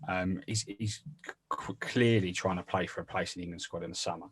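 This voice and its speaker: A man with a very deep, husky voice co-hosts a casual football podcast. He talks hesitantly, often stumbling over the first words before settling into his point. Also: fairly even intonation, fairly quick. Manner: hesitant, stammers on starts. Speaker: podcast co-host.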